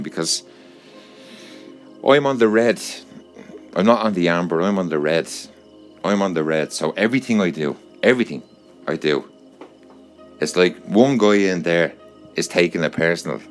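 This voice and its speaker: A man's voice: sits low, normal speed, faint music behind. An Irish man vlogging to his subscribers in a rambling, repetitive monologue. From Ireland.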